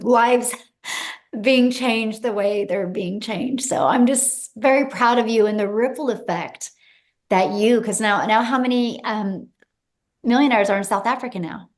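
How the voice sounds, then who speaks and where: A woman's voice: fairly high pitch, measured pace. A woman hosting, gushing with effusive praise for her guests. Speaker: host and mentor.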